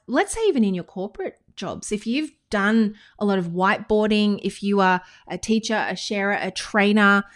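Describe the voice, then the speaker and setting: A woman with an Australian accent, a business coach giving a casual, chatty lesson to camera, full of quick asides and enthusiasm. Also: medium pitch. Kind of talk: casual teaching monologue to camera. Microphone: screen-recorded talking head with whiteboard.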